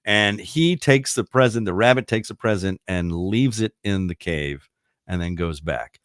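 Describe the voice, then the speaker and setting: A man in his fifties hosts a radio show, chatting casually and telling rambling stories, laughing easily and making fun of himself. His lowish voice is a little slow and a bit bright, with clean studio quality and no room sound.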